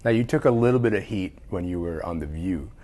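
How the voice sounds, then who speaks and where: A man's voice: sits low, animated, brisk, mellow. A male interviewer who mostly listens, chiming in with short agreements and asking questions. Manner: brief backchannel, frequent "right".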